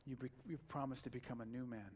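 Gentle old bishop, solemn and earnest, read by a preacher. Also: male voice, mid-range voice, steady tone, fast talker, slight background noise, natural voice.

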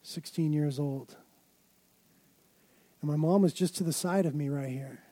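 A man's voice: fairly high pitch, unhurried, mellow, no room sound. A man preaching a sermon, telling stories dramatically with emphatic build-ups. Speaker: pastor.

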